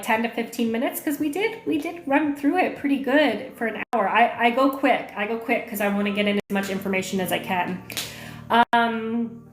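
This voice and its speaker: A woman coaching on a livestream, chatting casually, reading viewer comments aloud and answering questions with plenty of fillers. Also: a little high. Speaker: online marketing coach hosting a livestream. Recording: echoey room with faint music.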